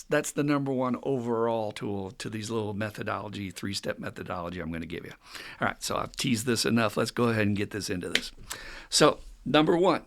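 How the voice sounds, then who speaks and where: A man hosting a recovery podcast, talking casually and teaching with animated stories. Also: on the low side. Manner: animated storytelling with acted quotes and frequent laughs. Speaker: recovery counselor and podcast host.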